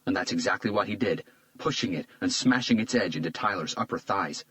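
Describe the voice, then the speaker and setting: Deep-voiced male thriller narrator. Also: lively intonation, a little fast, a bit bright, dry recording, poor audio. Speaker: audiobook narrator.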